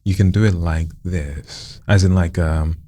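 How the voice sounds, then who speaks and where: A man coaching a friend in voice acting, demonstrating lines with lively swoops of pitch. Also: unhurried, dry recording, studio quality. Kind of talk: casual coaching session.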